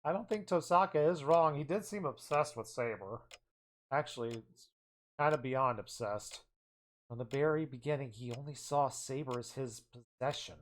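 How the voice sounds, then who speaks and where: A streamer reading a visual novel aloud as narrator, with expressive, exasperated asides. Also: medium pitch, moderate pace.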